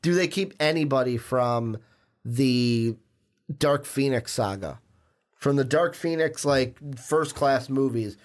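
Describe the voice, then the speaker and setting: A young man co-hosting a casual podcast chat, animated and quick to slip into playful put-on voices. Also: mid-range voice. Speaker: podcast co-host.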